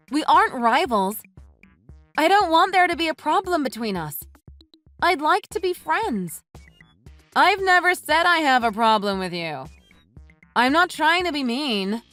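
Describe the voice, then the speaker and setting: A woman's voice: high voice, very animated, measured pace, long pauses, a bit bright, no echo, faint music behind, heavily acted. A woman voicing a polite, hurt young mom. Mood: earnest. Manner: earnest, conciliatory. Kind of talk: texting story voice-over.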